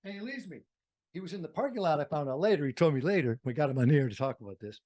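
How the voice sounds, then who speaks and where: Animated storyteller man from Wisconsin. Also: fairly high pitch, racing, dry recording. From Fond du Lac, Wisconsin. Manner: animated, acts out quotes in other voices. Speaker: radio host and interview guest. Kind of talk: storytelling interview. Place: radio studio.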